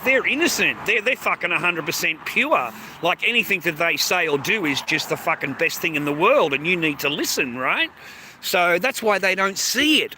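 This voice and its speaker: Australian bloke with a high voice, ranting to camera, foul-mouthed and repetitive, loud traffic behind. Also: male voice. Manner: heavy swearing, repetitive, keeps calling listeners mate and bro. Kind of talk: ranting monologue to viewers.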